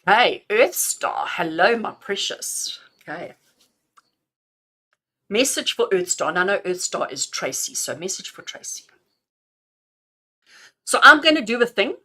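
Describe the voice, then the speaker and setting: A middle-aged woman with a bright, clear tone gives intuitive messages on a live stream. She talks in a chatty, affectionate way and laughs easily between readings. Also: mid-range voice, sing-song, unhurried, pauses often. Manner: affectionate, chatty, calls listeners "my darling". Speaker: intuitive reader.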